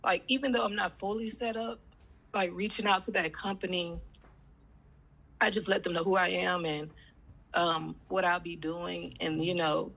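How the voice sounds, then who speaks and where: A woman's voice: lowish voice, steady tone, moderate pace, gravelly, a bit bright, husky. A woman with a slight cold, talking in a rambling way with many fillers as a student on a video call. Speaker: student in a coaching class. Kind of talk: casual chat.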